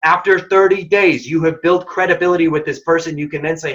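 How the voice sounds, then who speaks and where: A man's voice: fairly high pitch, steady tone, fairly quick, hardly any pauses, fairly bright tone. A young man hosting a workshop, giving direct, emphatic career advice in casual words. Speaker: workshop host and mentoring program founder. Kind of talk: instructive talk with career tips. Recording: dull lo-fi audio.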